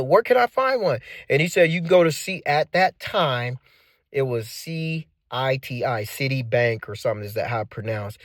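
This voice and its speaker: Forties male host, chatty and animated, dry close mic, acts out quotes in his story. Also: a little high, no room sound. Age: 40s. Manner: conversational with slangy phrasing. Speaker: finance channel host. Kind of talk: casual storytelling to camera.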